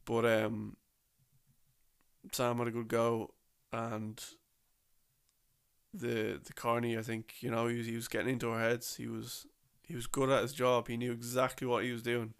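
A man's voice: mid-range voice, completely flat delivery, moderate pace, creaky, clear, resonant tone. A young man telling a rambling, casual story about a trip, full of slang and restarts.

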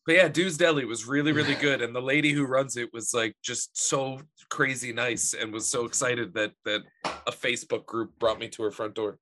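A man co-hosting a comedy podcast, telling stories in a profane, animated rant. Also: medium pitch, moderate pace, slight background noise. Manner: profane, ranting, animated storytelling. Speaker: podcast co-host. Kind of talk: casual comedic chat.

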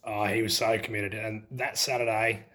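A middle-aged man with an Australian accent, telling stories from his football days in a relaxed interview, often laughing as he talks. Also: fairly low pitch, moderate pace. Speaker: former country footballer. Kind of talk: casual storytelling interview.

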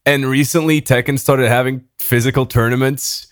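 A man co-hosting a podcast, talking in a casual, profane, halting way with lots of fillers. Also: medium pitch, steady tone, clean tone, no echo. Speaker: podcast co-host. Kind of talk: casual chat.

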